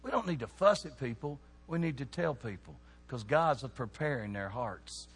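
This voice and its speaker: A man preaching a sermon to young people, animated and throwing questions out to the crowd. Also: mid-range voice, moderate pace, breathy edge. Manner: animated, asks the audience questions. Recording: long hall reverb.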